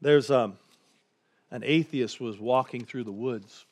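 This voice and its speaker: A man preacher giving a reflective sermon, often dropping to a quiet hush and telling a joke story with building intensity. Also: medium pitch, slow pace. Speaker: pastor.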